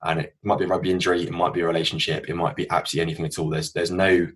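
A man's voice: sits low, flat delivery, racing, husky. A young man co-hosting a podcast, telling a candid personal story in an earnest, open way and swearing freely. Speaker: podcast co-host.

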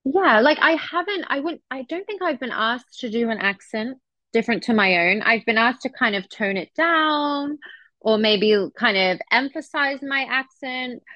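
A woman's voice: high-pitched, moderate pace, no room sound, lo-fi sound. A young adult woman from England with an English accent, a guest actress talking casually and chattily in an interview. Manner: relaxed, chatty, with frequent restarts.

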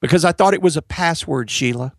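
A man's voice: brisk, dry recording, clean studio sound. A man telling his testimony as a guest, acting out the dialogue and speaking earnestly to the host. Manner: acts out dialogue with big pitch jumps; earnest, addresses the host directly. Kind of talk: animated storytelling.

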